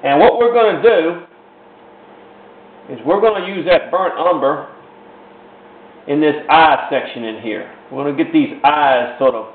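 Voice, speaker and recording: A man's voice: fairly high pitch, unhurried, pauses often. A man teaching a painting technique step by step in a folksy, rambling way, often repeating himself. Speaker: painting instructor. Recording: roomy, tinny lo-fi with faint hiss.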